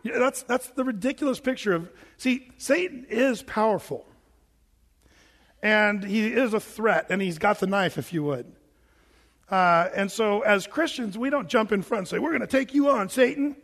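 Guy preaching in a big echoey church, high voice, jokey and acting stuff out. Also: moderate pace, a bit bright. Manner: jokey, acts out quoted voices; self-described big guy. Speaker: pastor. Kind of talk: sermon. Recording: long reverb of a large hall.

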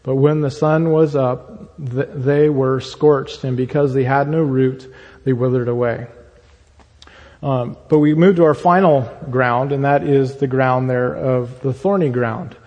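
A man's voice: medium pitch, steady tone, measured pace, a little mellow, muffled recording. Man preaching in a reverberant hall. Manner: teaching, many fillers and restarts. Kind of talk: sermon.

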